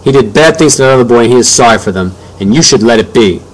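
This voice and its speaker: Guy doing a fierce old grandma, raised pitch, scolds hard, no nonsense. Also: lively intonation, quick pace, lightly acted, poor audio. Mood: scolding. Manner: scolding, emphatic. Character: stern blunt old grandmother.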